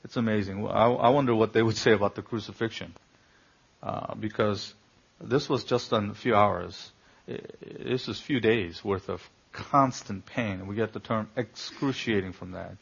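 Gravelly-voiced male preacher, lo-fi recording. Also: fairly low pitch, normal speed. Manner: preaching with rhetorical questions and emphatic swells. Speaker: pastor. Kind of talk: sermon.

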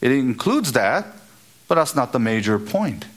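A man preaching an expository sermon, emphatic and building to high, repeated exhortations. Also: very animated, a little slow.

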